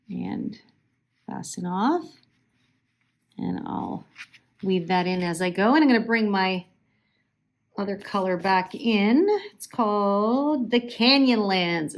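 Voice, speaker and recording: A woman walks viewers through a crochet tutorial one step at a time. Her tone is patient and chatty, and she keeps checking in to make sure they are following. Her pitch sits in an ordinary middle range. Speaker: crochet instructor.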